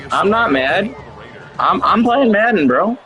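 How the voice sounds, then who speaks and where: A man's voice: high-pitched, very animated, measured pace, lo-fi sound. A man trash-talking an online opponent during a live game, mocking and sarcastic, repeating his jabs over and over. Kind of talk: live gameplay chat. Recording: live stream with loud game crowd.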